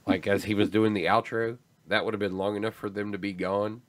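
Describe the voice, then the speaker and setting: A man's voice: on the low side, level tone, fairly quick, no room sound. A man hosting a livestream, chatting casually in a rambling, laid-back way that often trails off. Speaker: stream host.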